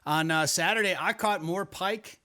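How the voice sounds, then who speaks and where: Bright-voiced rambling Midwestern host. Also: male voice, high voice, moderate pace. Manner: rambling storytelling with many restarts. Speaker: podcast host. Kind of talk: casual conversational interview.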